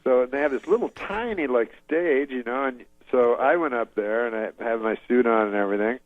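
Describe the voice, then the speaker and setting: A comedian drawls through a long, wandering story, flat and deadpan, with little chuckles along the way. His pitch sits in a mid range. The sound is dry and slightly dull, like lo-fi audio. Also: a little fast, dry recording. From Canada. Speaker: comedian guest. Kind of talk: rambling anecdote in an interview.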